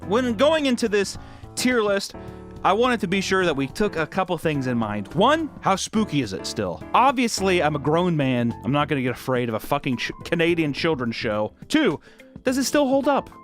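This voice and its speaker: A young man rants through a comedic review with sarcastic, profane asides. His voice sits fairly high and swings widely in pitch. Background music plays under his talk. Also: very animated, moderate pace. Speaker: video reviewer. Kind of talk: comedic commentary.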